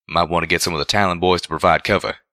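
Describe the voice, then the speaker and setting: A man's voice: sits low, steady tone, very fast, sharp tone, dry recording, studio quality. Man doing a folksy drawling cowpony.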